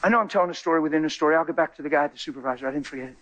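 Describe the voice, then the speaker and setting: A man's voice: a little high, rapid-fire, a bit bright. A man preaching a sermon, telling stories animatedly and acting out the people in them. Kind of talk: sermon with storytelling.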